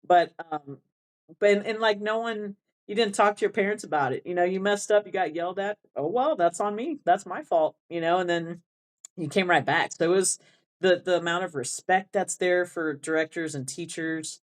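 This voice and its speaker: A woman's voice: on the low side, moderate pace. A woman band director with a South Texas Rio Grande Valley accent, chatting as an interview guest. She rambles with many restarts and laughs often. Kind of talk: casual interview chat.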